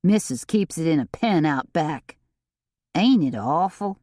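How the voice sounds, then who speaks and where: A woman's voice: deep voice, animated, a little slow, darkish tone, dry recording, studio quality. A woman voicing a sleepy, bewildered middle-aged man woken at night, in an audiobook. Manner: drowsy, befuddled.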